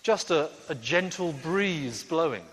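A man leading a lively, interactive Bible story for a congregation, coaxing the crowd into sound effects. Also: fairly high pitch, takes it slowly, slight background noise. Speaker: preacher leading a children's talk. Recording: echoey hall with faint ambience.

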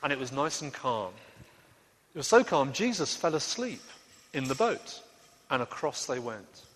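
A man leading a lively, interactive Bible story for a congregation, coaxing the crowd into sound effects. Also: medium pitch, unhurried, slight background noise. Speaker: preacher leading a children's talk. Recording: echoey hall with faint ambience.

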